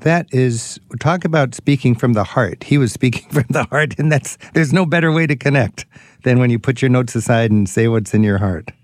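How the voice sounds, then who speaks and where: A man's voice: medium pitch, moderate pace, no echo, clean studio sound. A man hosting a radio travel show, asking a guest questions in an enthusiastic, conversational way. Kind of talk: radio interview.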